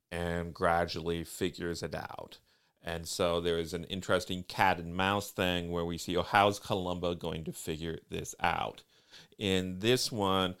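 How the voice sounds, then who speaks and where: Deep, smooth-voiced man podcast co-host. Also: a bit bright. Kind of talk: casual chat.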